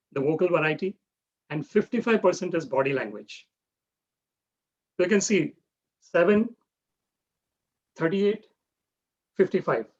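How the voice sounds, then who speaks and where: A man leading an online public speaking workshop, explaining step by step and often checking in with "right?". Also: high voice. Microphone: video call. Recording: dull lo-fi video call audio.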